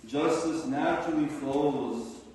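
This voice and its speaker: A man giving a formal prepared speech at a symposium, earnest and measured. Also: fairly high pitch, darkish tone, slight background noise. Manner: measured, earnest oratory with a slow deliberate rhythm. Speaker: symposium speaker. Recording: echoey hall from far off.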